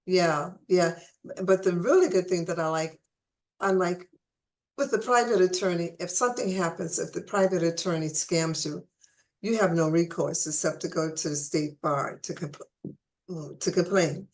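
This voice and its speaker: A woman's voice: on the low side, normal speed, darkish tone. A woman hosting a casual conversational interview, chatty and restarting her phrases, with the hiccups. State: has the hiccups.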